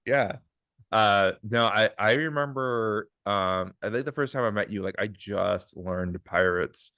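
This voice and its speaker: Man, podcast host, low voice, dry close sound, joking, rambling casual chat. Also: unhurried, bright, forceful tone, dry recording.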